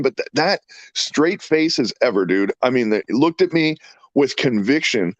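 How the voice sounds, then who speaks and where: A man's voice: mid-range voice, unhurried, no echo, muffled recording. A man in his fifties, a podcast host telling rambling, profane stories in casual chat. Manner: rambling, profane, animated storyteller.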